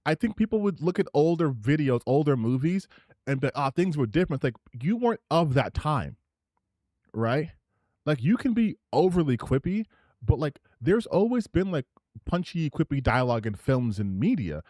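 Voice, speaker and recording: A man hosts a live stream, talking over clips in loose reaction commentary. He rambles, restarts his sentences and keeps his pitch bouncing around. The sound is dry and close, with no room around it. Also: normal speed, dry recording. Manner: animated and rambling, with many restarts. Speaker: streamer host.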